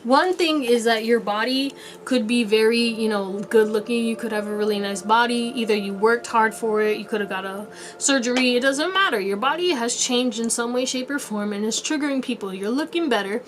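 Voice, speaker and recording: A woman's voice: a little high, a little fast, slight background noise. A young woman giving a casual pick-a-card tarot reading, chatty and rambling, with playful asides. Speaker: tarot reader.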